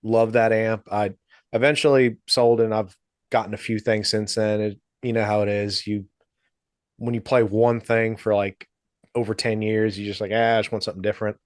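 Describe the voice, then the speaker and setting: A man hosting a video call chat about guitar rigs, relaxed and laid-back, with casual swearing. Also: on the low side, moderate pace, dry recording, clean studio sound. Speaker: host.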